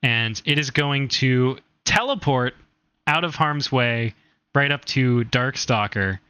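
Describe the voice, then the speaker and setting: A man narrating a tabletop game as game master, animated and laughing often. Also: medium pitch, takes it slowly, clear, resonant tone, no room sound.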